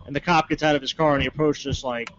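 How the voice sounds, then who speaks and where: A man co-hosting a call-in podcast, telling stories fast and animatedly. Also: on the high side, steady tone, a bit bright, dull audio. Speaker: podcast co-host. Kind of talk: casual storytelling chat.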